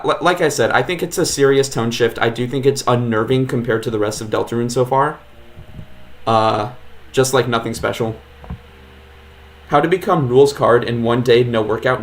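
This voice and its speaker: A man streaming a video game, chatting casually with viewers in a laid-back, filler-heavy way. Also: mid-range voice. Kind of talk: casual live-stream commentary.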